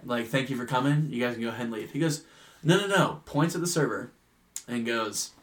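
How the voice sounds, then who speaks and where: A man's voice: medium pitch, fast. A young man on a podcast tells a bar story in loose, casual chat. He swears a lot and slips into the voices of the people he quotes. He stays in a middle register. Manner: animated, swears freely, acts out quoted people. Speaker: podcast co-host.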